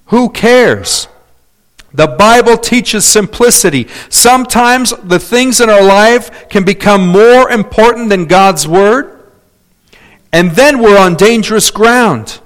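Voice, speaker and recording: A man preaching a sermon, calling out for amens and hallelujahs, swinging between loud emphatic points and quiet asides. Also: high-pitched, measured pace. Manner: animated, calls for amens and hallelujahs.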